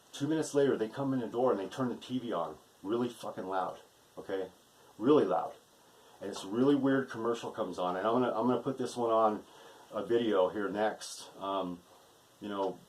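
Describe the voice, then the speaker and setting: Male vlogger, low-pitched, rambling and agitated, repetitive, swears freely. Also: a little mellow, low-quality recording. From United States. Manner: agitated, repetitive, keeps adding "okay?" and profanity. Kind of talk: rambling monologue to camera.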